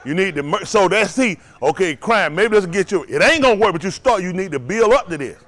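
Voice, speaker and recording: A man pastor preaching a sermon, animated and acting out voices. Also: high voice, fairly quick, no room sound. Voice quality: animated preaching with acted-out voices, laughing and shouting at times.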